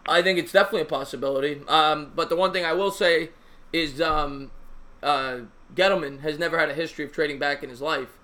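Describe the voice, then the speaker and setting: Bright-voiced chatty sports show host. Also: male voice, a little high, fairly even intonation, fast talker. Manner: chatty, apologetic, teasing callers. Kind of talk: live call-in sports talk.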